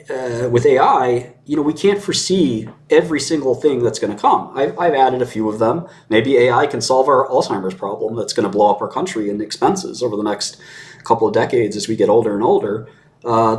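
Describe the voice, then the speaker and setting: A man's voice: medium pitch, brisk. A man in a casual conversation who talks in an opinionated and sarcastic way, chuckling mid-sentence and mimicking others in mocking voices.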